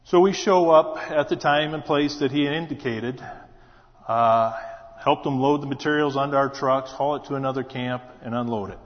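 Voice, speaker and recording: A middle-aged man from South Dakota tells a personal story to a congregation in a plainspoken, steady manner, now and then restarting a phrase. His voice sits at an ordinary pitch. The recording sounds dull and lo-fi, with a long reverb from the church hall. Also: normal speed. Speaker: school superintendent. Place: church sanctuary.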